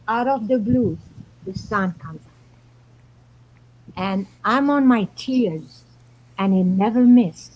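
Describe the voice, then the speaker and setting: A woman's voice: medium pitch, lively intonation, slow, pauses often, a little mellow, poor audio. A woman guest on a talk show, telling spiritual stories in an earnest, meandering way. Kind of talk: casual storytelling chat.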